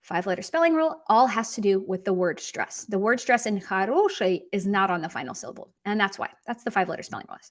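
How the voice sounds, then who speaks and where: A woman's voice: mid-range voice, expressive, fast talker, hardly any pauses. A woman teaching a Russian grammar lesson, upbeat and teasing as she quizzes her viewers and reads out example phrases. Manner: upbeat, teasing quiz prompts, switches between English and careful Russian.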